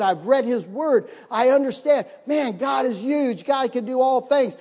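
A middle-aged man preaching with a fairly high voice that leaps higher as he acts out moments of panic. His lively storytelling rings out with a long reverb that fills the hall around him. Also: normal speed, slightly rough. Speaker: missionary pastor. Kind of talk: sermon with storytelling.

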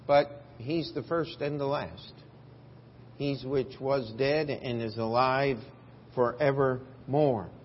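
Guy pastor preaching slow in a big echoey church, kinda dull muffled recording. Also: mid-range voice, fairly even intonation, slight background noise. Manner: emphatic preaching, rising for scripture quotes. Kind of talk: sermon. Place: church sanctuary.

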